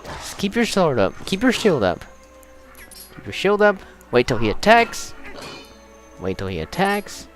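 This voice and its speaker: A young man casually commenting while he plays a video game, excitable and rambling, with game music behind him. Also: medium pitch, a little slow, pauses often. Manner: excitable, chatty, rambling with restarts. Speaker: let's play host.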